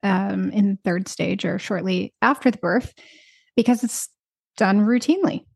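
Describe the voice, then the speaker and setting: A woman's voice: medium pitch, unhurried, gravelly, a little mellow, breathy edge, no room sound. Woman co-host in dry, close podcast chat. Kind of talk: casual chat.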